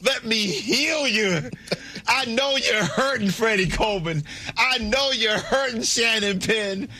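A man's voice: high voice, slow pace, pushed and bright, voice pushed up, full character voice. A man voicing a male basketball coach as a preachy, soothing faith healer.

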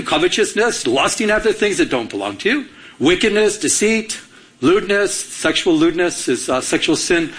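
A middle-aged man from Michigan preaching a sermon and telling a personal story with animated, acted-out dialogue. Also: fairly high pitch, slight background noise. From Michigan, USA. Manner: animated storytelling, acting out his own past jealousy. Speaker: pastor.

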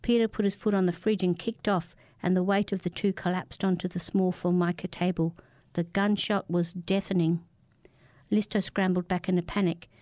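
A woman reading a dark fiction story aloud in a steady, measured narration. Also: on the low side, no room sound.

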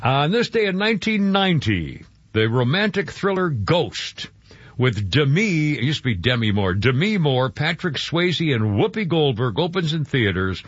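A man's voice: on the high side, sing-song, moderate pace, slightly rough, no room sound. A man hosting a radio show, chatting in a rambling way and stumbling over his words. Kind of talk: morning radio chat. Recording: dull, dry radio broadcast.

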